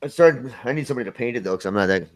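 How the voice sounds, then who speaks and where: A man's voice: mid-range voice, animated, very fast, dry recording. A man hosting a live stream chat, laid-back and laughing often over a video call. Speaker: host. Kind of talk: casual chat.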